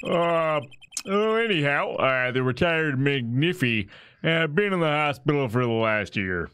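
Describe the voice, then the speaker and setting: A man's voice: fairly high pitch, expressive, unhurried, a bit bright, a little hiss or hum. A man voicing a bumbling male police detective who stammers and says "uh" a lot. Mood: fumbling. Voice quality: stammering, lots of "uh". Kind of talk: playthrough voice acting.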